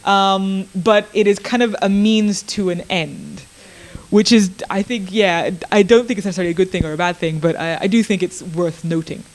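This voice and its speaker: A woman's voice: mid-range voice, moderate pace. A woman who does improv comedy, speaking as a panelist in a seminar discussion, thoughtful and hesitant with many fillers.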